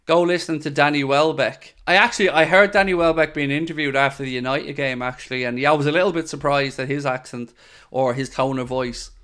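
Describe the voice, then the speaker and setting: Slightly high and a touch fast, this young man's voice is smooth, a bit bright and fairly even in intonation. He's a podcast host reading live-chat comments aloud, chatty and opinionated, dropping in lots of fillers and side remarks.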